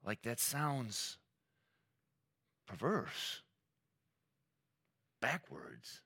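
Earnest male preacher, low and lively. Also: moderate pace. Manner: earnest, emphatic preaching with storytelling asides. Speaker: pastor. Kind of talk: sermon.

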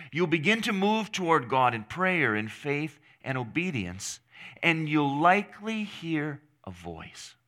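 A male pastor preaching a sermon in an earnest, emphatic way, with long pauses between phrases. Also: on the high side, bright, forceful tone.

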